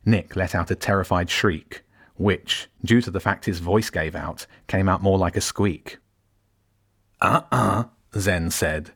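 Deep-voiced male storybook narrator.

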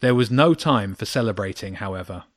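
A man narrating a children's audiobook in a steady, even storytelling manner. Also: fairly low pitch, brisk, dry recording, clean studio sound. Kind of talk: audiobook reading.

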